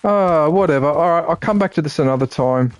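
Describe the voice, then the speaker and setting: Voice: medium pitch, fairly quick, dry recording. A streamer giving live commentary while gaming, frustrated and swearing often, talking back at the game.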